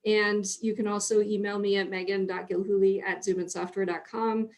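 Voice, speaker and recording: A woman hosting a business webinar in an upbeat, chatty way, her voice slightly hoarse. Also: mid-range voice, little pitch movement, moderate pace, darkish tone. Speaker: webinar host. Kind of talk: conversational panel talk.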